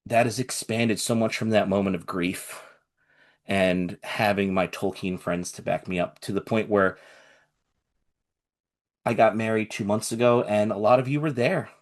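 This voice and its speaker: An earnest young man with a low-set voice speaks from the heart in a live group chat. His words come slowly and turn soft and quiet as he trails off. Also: fairly even intonation. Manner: earnest, emotional, voice softening and trailing off. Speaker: community organizer of a fan group.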